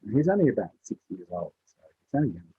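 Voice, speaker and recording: A man telling a story aloud in a relaxed oral style, switching his voice for the characters. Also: fast talker, husky, no echo. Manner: voices the characters with rising pitch for the child. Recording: dry, tinny phone-like sound.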